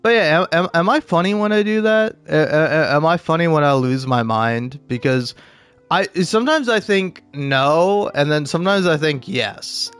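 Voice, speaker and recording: A man with a fairly high voice rants through a stream, stammering and cursing as he goes. Faint music plays behind him. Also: animated, normal speed, fairly bright tone, clean tone. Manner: profane, stammering, ranting. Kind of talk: ranting stream commentary.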